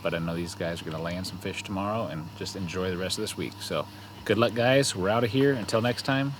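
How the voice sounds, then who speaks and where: A man's voice: low-pitched, fast talker, noisy background. A man co-hosting an outdoor fishing show, speaking in a friendly, fatherly way at a river camp. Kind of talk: casual vlog narration. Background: music.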